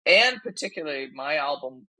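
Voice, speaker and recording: A woman's voice: low voice, normal speed, no room sound, rough recording. Woman comedian, dry sound. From Germany. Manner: animated storyteller, quotes herself often. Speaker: stand-up comedian, guest. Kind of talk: casual podcast chat.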